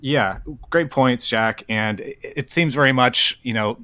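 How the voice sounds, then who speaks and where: A man hosting a podcast, speaking in a measured, agreeable way. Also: medium pitch, sharp tone, dry recording. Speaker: podcast host. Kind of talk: casual podcast chat.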